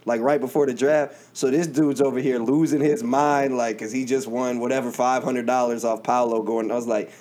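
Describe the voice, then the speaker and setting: A man's voice: medium pitch, steady tone, moderate pace, hardly any pauses, a little mellow. A man hosting a podcast, telling joking stories in casual chat. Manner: joking, storytelling, laughs a lot. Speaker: podcast host.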